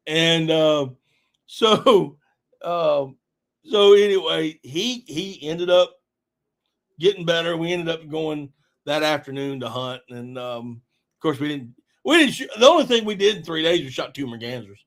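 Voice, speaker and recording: A man's voice: on the high side, animated, measured pace, pauses often, a bit bright. A middle-aged man hosting a live stream, telling a hunting story in a rambling, laughing way with lots of fillers. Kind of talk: casual storytelling chat.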